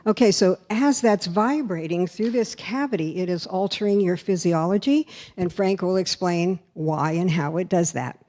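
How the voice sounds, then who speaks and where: A woman's voice: lowish voice, moderate pace, warm tone. A woman minister giving a demonstrative talk that guides a congregation through breathing. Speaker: spiritual center minister.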